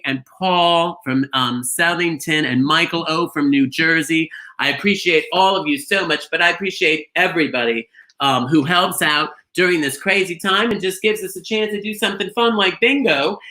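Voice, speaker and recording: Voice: mid-range voice, pushed and bright. A bingo host on a live stream from a trailer, chatty and gushing, rambling with lots of fillers. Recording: echoey room, faint noise.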